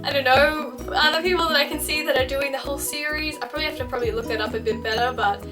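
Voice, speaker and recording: A woman's voice: high-pitched, steady tone, fast talker, music in the background. A young woman vlogging about books in a casual, bubbly, chatty way. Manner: bubbly, chatty, giggly, full of fillers. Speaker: book vlogger. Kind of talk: casual chat to camera.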